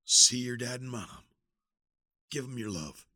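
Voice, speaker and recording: A man voicing an aging one-armed commander who is dying, with a weak, croaking, wheezing voice that keeps fading. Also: mid-range voice, expressive, a little slow, sharp tone, no room sound, clean studio sound, voice pushed up, heavily acted. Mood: pleading. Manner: feeble, fading, pleading. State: gasping in pain.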